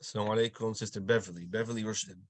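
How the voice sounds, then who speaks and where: A man teaching Quran recitation over a video call, patiently correcting students and slowly demonstrating sounds. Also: on the low side, steady tone, no room sound. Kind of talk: online tajweed lesson, giving corrections.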